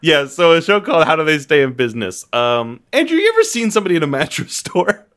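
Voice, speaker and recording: A man's voice: on the high side, big pitch swings, quick pace, a bit bright. A young man co-hosting a podcast in casual comedic chat, loose and playful, laughing often. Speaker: podcast co-host.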